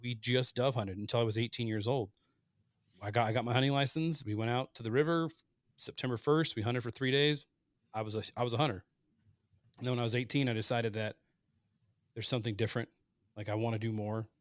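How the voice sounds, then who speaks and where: A man in his late thirties telling hunting stories casually on a podcast, animated and acting out the voices he quotes. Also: mid-range voice, brisk, long pauses, no room sound. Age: 30s. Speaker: podcast guest, hunter. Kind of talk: casual storytelling.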